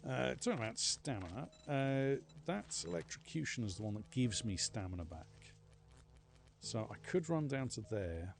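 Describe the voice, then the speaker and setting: A gravelly, sing-song man's voice in the mid range, at normal speed, belongs to a live game streamer. He keeps up a wandering, self-mocking chat with his audience.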